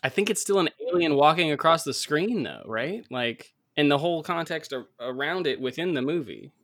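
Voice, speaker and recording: A man's voice: fairly high pitch, lively intonation, normal speed, fairly bright tone, dry recording, studio quality. A man co-hosting a podcast in casual chat, sarcastic and swearing as he argues his points. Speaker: podcast co-host.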